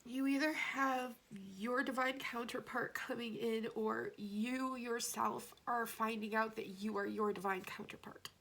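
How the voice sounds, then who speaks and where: A woman delivers a spiritual tarot reading in a gentle, meandering way, her voice carrying a light vocal fry. A faint background hiss sits under her talk. She sounds earnest and moved by what she says. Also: fairly high pitch, fairly even intonation, unhurried, few pauses. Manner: gently rambling, emotional, at times tearful and laughing. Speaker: tarot card reader.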